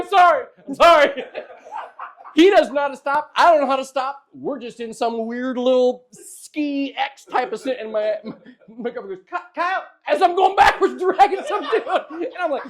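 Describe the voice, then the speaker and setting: A young man telling a funny story in casual chat, animated and often laughing as he acts out what people said. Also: very high voice. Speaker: podcast host telling a story.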